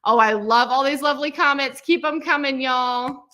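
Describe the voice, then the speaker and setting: A woman hosting a quilting class celebration, gushing with praise and calling out each student's name with a loud cheer. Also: sits high, normal speed. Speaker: quilting teacher and host. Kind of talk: livestream celebration of student work.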